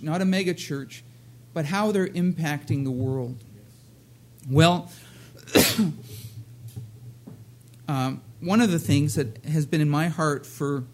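A man's voice: on the high side, darkish tone. A middle-aged man preaching a casual sermon, rambling with many fillers and laughing at his own jokes.

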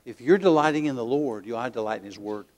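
An older man preaching a sermon, telling stories with lively acted-out inner voices and soft tender asides, often repeating words as he searches. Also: mid-range voice, fast. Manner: animated storytelling, acts out inner voices, drops to soft tender tones. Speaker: pastor.

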